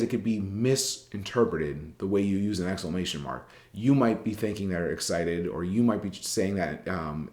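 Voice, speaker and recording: A man's voice: sits low, darkish tone, roomy sound. A man teaching a journalism writing class in a recorded lecture, talking casually and rambling, with many fillers and restarts.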